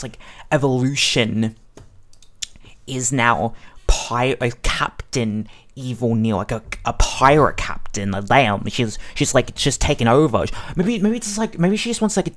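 Reaction host, woman, very deep, lively pitch, rambling. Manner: rambling, heavy "like" fillers. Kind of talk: casual reaction commentary.

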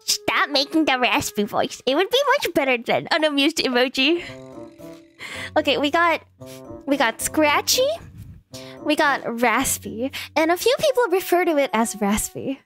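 Woman streamer, very high voice, lively swooping pitch, giggly, sarcastic. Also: normal speed, faint music behind. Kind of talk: casual live-stream chat.

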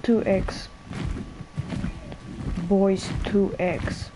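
Excited woman streaming a game. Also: mid-range voice, very slow, background noise. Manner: excited, repeats exclamations, breathless. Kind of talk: live gameplay commentary.

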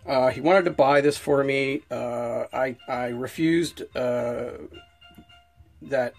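A man talking through an unboxing in a loose, rambling way, full of restarts and fillers. His voice sits at an ordinary middle pitch, and he gets worked up and heated as he rants. Faint music plays underneath. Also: slow pace, gravelly, a little mellow. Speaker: knife reviewer. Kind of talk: casual unboxing review with a rant.

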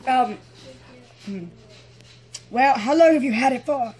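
A woman's voice: high voice, takes it slowly, a little mellow. A woman voicing a blunt young princess in a fan-made toy drama, speaking matter-of-factly.

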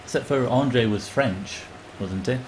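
Slow-talking man streaming a game. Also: medium pitch, a little hiss or hum. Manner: chatty, rambling, reads game text aloud. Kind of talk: casual gameplay commentary.

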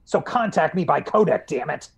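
A man voicing a gruff middle-aged soldier on a mission, with a terse and commanding growl. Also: a little high, animated, moderate pace, pitched above the performer's own voice, exaggerated voice. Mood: urgent.

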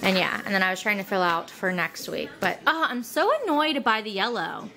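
A woman's voice: normal speed, vocal fry. A woman who is sick, chatting casually at home in a rambling vlog style full of fillers. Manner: turns high and singsong when talking to her toddler. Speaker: vlogger.

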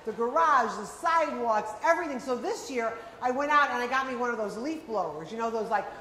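A woman's voice: on the high side, expressive, brisk, sharp tone, a little hiss or hum. A woman in her fifties doing a punchy stand-up comedy routine in a comedy club, working the crowd. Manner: brash, punchy delivery with crowd work. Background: audience laughter.

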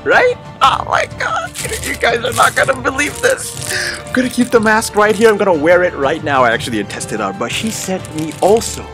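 A man hosting an excited unboxing vlog, gushing and exclaiming, repeating his thanks again and again. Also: sits high, a little fast, faint music behind. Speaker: unboxing host.

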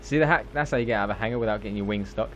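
A man, excitably narrating gameplay and laughing constantly between exclamations and swearing. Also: lowish voice, rapid-fire, dull audio, a little hiss or hum. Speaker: gaming video host. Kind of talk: excitable live gameplay chat.

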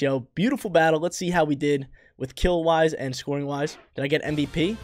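This is a young man commenting live on his own gameplay, slangy and quick to react. His voice sits a little higher than most men's. Faint game music plays underneath. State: briefly coughing. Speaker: gaming YouTuber.

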